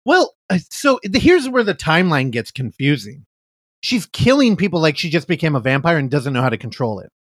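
A man recapping a movie plot on a podcast, casual and full of swearing. His voice swoops through a wide pitch range as he tells the story. The sound is dry and close, with no room echo. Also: fairly quick. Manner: animated, profane storytelling. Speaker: podcast co-host. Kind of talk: casual movie-review chat.

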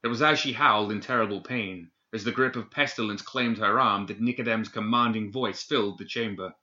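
A man narrating a dark fantasy story in a measured, dramatic reading. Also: on the low side, fairly even intonation, reverberant. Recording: dull lo-fi recording.

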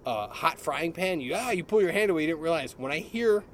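Animated storytelling man. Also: a little high, brisk, slight background noise. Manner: animated storyteller, mimics voices, laughs often. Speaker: podcast co-host. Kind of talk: casual chat.

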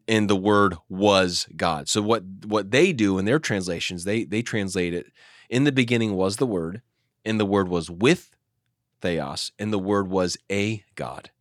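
A man with a fairly low voice teaches scripture as a pastor, talking through passages in an animated way and often restarting mid-sentence. The sound is dry and close, with no room echo. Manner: explanatory, animated, with frequent restarts. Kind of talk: teaching discussion.

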